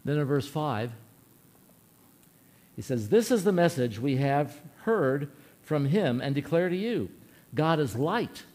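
Guy preaching, kinda high voice, folksy and earnest, tosses questions at the crowd. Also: big pitch swings, slow pace, pauses often, darkish tone. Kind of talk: sermon with personal story.

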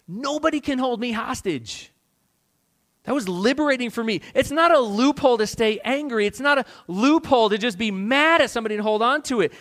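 A male pastor preaching a sermon, rising to loud urgent questions and dropping to quiet, prayerful tones. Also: very high-pitched. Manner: dramatic swings between loud urgent questions and quiet prayerful near-whispers.

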